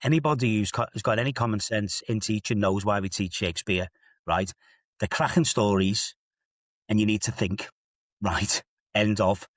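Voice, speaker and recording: A man's voice: on the low side, normal speed, no echo, clean studio sound. A man in his fifties with a Liverpool accent, an assistant head teacher telling stories with emphatic, rhetorical asides in a podcast discussion. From England.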